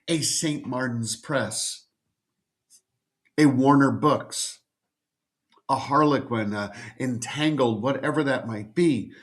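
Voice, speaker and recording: Middle-aged male agent, direct-to-camera teaching, insistent repeated phrasing, medium pitch. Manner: emphatic, repetitive, speaks straight to the viewer. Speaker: literary agent giving advice. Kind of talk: direct-to-camera educational talk.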